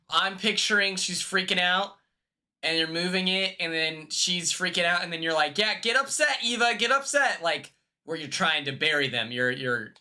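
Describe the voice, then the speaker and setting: A man's voice: a little high, pushed and bright. A man streamer reacting to a clip in casual chat, hesitant and repeating words as he thinks aloud.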